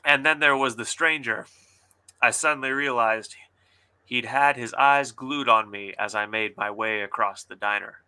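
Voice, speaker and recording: Bright-voiced man hosting a book critique. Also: medium pitch, smooth. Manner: laughing, playful critique with dramatic pauses. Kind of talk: casual chat and reading aloud.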